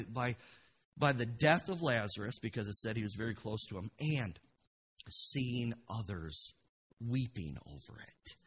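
Man, pastor, passionate sermon, lively pitch, husky tone. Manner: passionate, swings from hushed to loud. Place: church.

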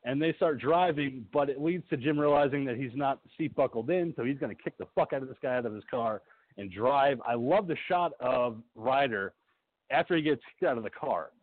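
A man co-hosting a podcast, animatedly retelling movie scenes and acting out the characters' lines. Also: medium pitch. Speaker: podcast co-host. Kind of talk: casual movie recap. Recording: tinny phone-like line with faint hiss.

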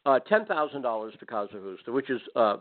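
A man's voice: mid-range voice, very animated, quick pace. A man hosting a talk radio show, telling a story with sarcastic, rambling asides. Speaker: radio host. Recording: phone-like narrow band audio.

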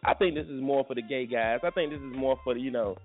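Mid-range in pitch and quick in pace, this morning show host leads a casual radio chat, rambling, joking and restarting often. The sound is tinny and phone-like, with faint music behind him.

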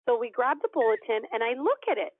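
A fairly high-voiced woman tells a personal story with lively energy, slipping into the voices of the people in it. The sound is thin and phone-like, and it is dry, with no room around it. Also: fast talker, no echo. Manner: animated storyteller, acts out quoted dialogue. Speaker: podcast guest. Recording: tinny phone-line audio, dry.

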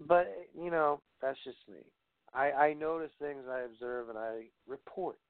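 A man's voice: mid-range voice, unhurried, clean tone, no echo. A man giving a rambling, profane rant as a wrestling commentator, sounding exasperated. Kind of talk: ranting podcast commentary. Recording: dry tinny phone-like audio.

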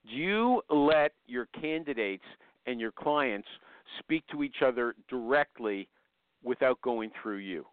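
A man's voice: medium pitch, animated, a little slow, smooth, dry recording. A man hosting a call-in talk show, pressing his guests with probing questions. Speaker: host. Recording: dry, tinny phone-like sound.

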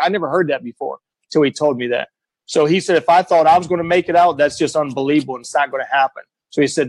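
A man's voice: a little high, fast talker, no room sound, low-quality recording. Earnest middle-aged man telling his story. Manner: earnest, emphatic, acts out quoted voices. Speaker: guest. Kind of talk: emotional personal storytelling.

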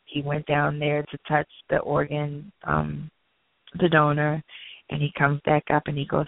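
A woman's voice: sits low, unhurried, creaky, dry recording. A woman from Annapolis, Maryland, telling her personal story as an interview guest, acting out the dialogue as she goes. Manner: animated, acts out dialogue. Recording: tinny phone-line sound.

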